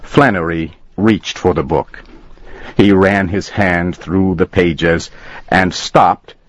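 Slow, low-voiced male story narrator. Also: dry recording. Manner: slow, deliberate, expressive. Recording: dull lo-fi dry recording.

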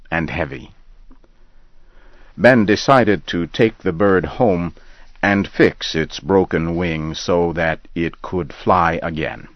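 A man reading a scripted story aloud in a slow, measured way. The recording sounds dull and lo-fi. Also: sits low, no room sound.

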